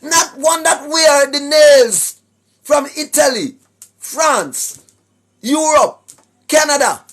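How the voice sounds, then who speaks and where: A Jamaican man giving a preachy monologue to his viewers, emphatic, often shouting, tagging his points with questions. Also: very high voice, takes it slowly, long pauses. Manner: emphatic, often shouting, tags lines with "right?". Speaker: online commentator.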